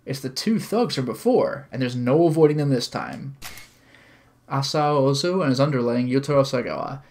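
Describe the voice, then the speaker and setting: Narrating a visual novel live, this streamer has a mid-range, darkish voice. Between passages come commentary, chat with viewers and frequent laughter.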